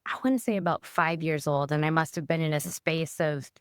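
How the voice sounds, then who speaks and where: A woman's voice: low voice, brisk, clean tone, dry recording, clean studio sound. A woman child psychiatrist and mother telling a playful story as a guest. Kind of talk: casual anecdote.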